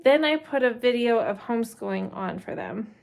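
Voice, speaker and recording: Creaky and a little mellow, her high-ish voice moves at normal speed with lively intonation. She's a homeschooling mother in her thirties chatting casually for her vlog while doing laundry at home, rambling with many fillers and nervous laughs. The recording is low quality.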